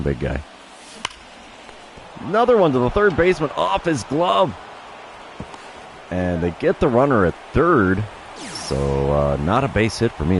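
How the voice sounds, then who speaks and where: A man with a low voice calls his own video game like a ballpark announcer, rattling off pitch speeds and the count. His delivery swings up and down with plenty of life, and he drops wry asides about his own at-bats. A faint hum of room ambience sits behind him. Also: darkish tone. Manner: announcer-style calling of pitches and stats, self-deprecating asides. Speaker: gaming streamer.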